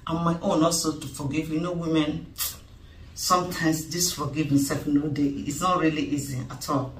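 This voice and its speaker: A woman's voice: low voice, fairly even intonation, moderate pace, far from the mic. This is a woman with a Nigerian accent playing a comic skit scene, and her voice is emphatic and pleading as she slips into pidgin. She stands well back from the mic in a roomy space, and a faint hum of ambience sits under her.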